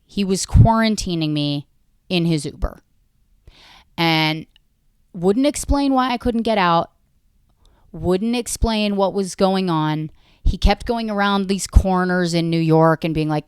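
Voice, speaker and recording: A woman comic hosting her own podcast, talking in a low-set voice. She rambles in a profane, self-deprecating, wry way. Her voice comes through smooth and close on the mic, with a dry, dead sound. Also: measured pace, dry recording. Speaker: comedian podcast host. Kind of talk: rambling comedic monologue.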